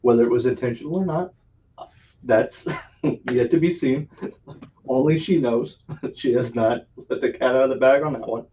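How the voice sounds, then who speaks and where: A man's voice: mid-range voice, normal speed, long pauses, warm tone, a little hiss or hum. A man hosting a podcast, telling a long story in casual chat, laughing often and swearing freely. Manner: laughs often, profane, rambling anecdote. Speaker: podcast host. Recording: distant, dull lo-fi sound.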